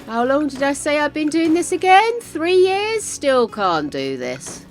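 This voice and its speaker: Older female streamer, chatty and excitable, unhurried delivery, faint music behind. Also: high voice. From United Kingdom. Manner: chatty, talks to viewers, easily excited. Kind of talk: casual live-stream chat while gaming.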